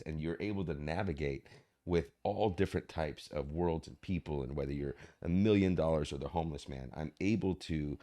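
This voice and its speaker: Man, very deep voice, podcast guest, reflective, tells stories vividly. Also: a little fast, darkish tone. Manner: reflective storyteller who acts out quoted voices. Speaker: actor guest. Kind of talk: podcast conversation.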